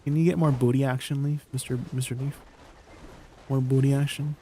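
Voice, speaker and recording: A man's voice: mid-range voice, flat delivery, brisk, dark tone, slight background noise. A man streaming a game, chatting casually and rambling, often asking his chat questions and laughing easily.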